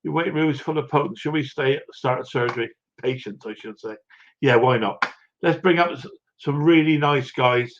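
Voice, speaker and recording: A man's voice: mid-range voice, normal speed, dull audio, noisy background. A man hosting a casual livestream, chatting in a rambling, chummy way and tripping over viewers' names. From Britain. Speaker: livestream host. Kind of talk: casual live-stream chat.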